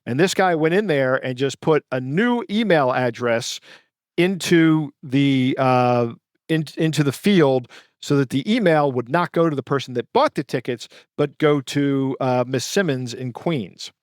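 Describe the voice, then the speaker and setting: A man's voice: medium pitch, no room sound. Dry-miked man co-hosting a podcast. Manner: halting, with frequent fillers and self-corrections. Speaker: podcast co-host. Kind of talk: casual podcast chat reading news stories.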